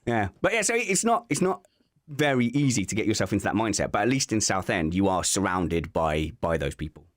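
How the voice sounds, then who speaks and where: A man's voice: on the low side, a little fast, no echo, clean studio sound. An English man with a North Essex accent, hosting a casual chat over a video call in a jokey way. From England. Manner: jokey, animated, breaks into mock accents. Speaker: podcast host.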